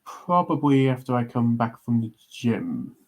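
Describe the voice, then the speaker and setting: A man's voice: mid-range voice, big pitch swings, measured pace, darkish tone. A Welsh man chatting in a rambling, easygoing way as he streams himself drawing. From Wales. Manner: rambling, chatty, with many fillers. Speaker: artist streaming live. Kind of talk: casual chat on a livestream.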